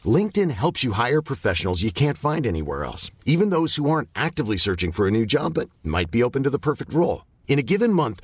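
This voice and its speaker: A man reading an advertisement in a smooth, persuasive delivery. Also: mid-range voice, no echo. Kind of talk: ad read. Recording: dry, close studio sound.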